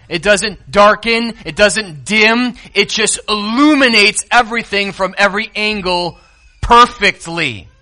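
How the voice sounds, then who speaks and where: A man preaching a sermon to his congregation, swinging from loud, emphatic declarations to hushed asides and talking directly to the people in front of him. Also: high voice. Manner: speaks directly to the congregation, calling to the kids and the lights operator. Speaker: pastor.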